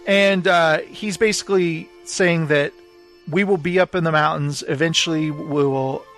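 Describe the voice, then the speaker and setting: A man's voice: a little high, fairly even intonation, measured pace, fairly bright tone, faint music behind. A man co-hosting a podcast, casually recapping a book and acting out its quotes. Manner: retells scenes, acting out quotes. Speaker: podcast co-host. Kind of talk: casual book club chat.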